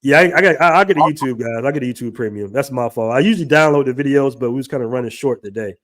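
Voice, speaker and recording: A man's voice: mid-range voice, rapid-fire, a bit bright. A man hosting a live stream, talking in a loose, slangy, conversational way. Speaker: livestream host. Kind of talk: casual live-stream chat.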